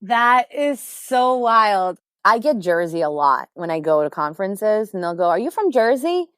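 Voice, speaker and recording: A woman's voice: mid-range voice, unhurried, clear, resonant tone, no echo, studio quality. A woman from Queens, chatting as a guest in an interview over a video call. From Queens, New York City. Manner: chatty, lively storyteller with fillers. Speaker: company executive guest. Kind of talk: casual interview chat.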